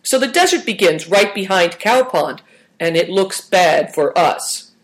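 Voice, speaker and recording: A woman's voice: fairly low pitch, animated, a little slow, poor audio. Woman voicing Christian, a careful thoughtful boy. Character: thoughtful, cautious young boy.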